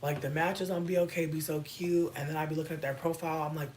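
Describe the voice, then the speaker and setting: A woman in her thirties chatting casually on a livestream and answering chat, playful and profane, with drawn-out emphasis. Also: low-pitched, mellow, a little hiss or hum. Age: 30s.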